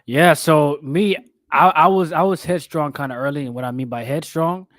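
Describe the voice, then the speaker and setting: A man's voice: a little high, normal speed, fairly bright tone, no echo. A man co-hosting a casual podcast, talking earnestly and often stammering and repeating words. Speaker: co-host.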